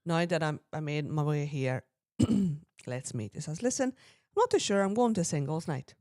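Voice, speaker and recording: A woman's voice: deep voice, normal speed, no echo, clean studio sound. Chatty woman storyteller. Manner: chatty, quotes people in lively voices, frequent throat clearing. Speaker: podcast co-host. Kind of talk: casual storytelling chat.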